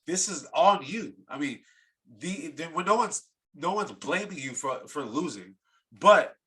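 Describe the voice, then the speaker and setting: Bright-voiced man ranting on sports. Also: a little high. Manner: heated, ranting. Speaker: podcast co-host. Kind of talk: sports talk rant.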